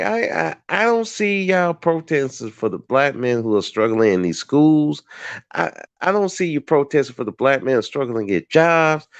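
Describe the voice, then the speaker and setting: A man's voice: fairly high pitch, dry recording, lo-fi sound. A man hosting his own podcast, giving a blunt, profane, heated solo commentary. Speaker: podcast host.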